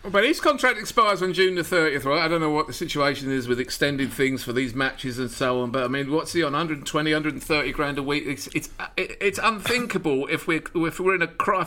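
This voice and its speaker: A man's voice: fairly high pitch, brisk, few pauses, bright, forceful tone. A man hosting a football podcast, ranting in exasperation with sarcastic rhetorical questions. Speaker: podcast host. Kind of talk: casual football chat.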